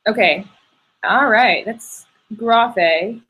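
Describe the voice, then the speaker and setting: A woman's voice: fairly high pitch, very slow, a bit bright, husky, poor audio. A woman student in a Greek tutoring session, eager and checking her answers.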